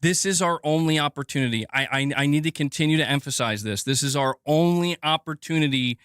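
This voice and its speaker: Male streamer, high voice, sarcastic and heated profane rant, dry close sound. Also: a little fast, a bit bright, smooth, no room sound. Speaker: gaming news streamer. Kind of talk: livestream rant.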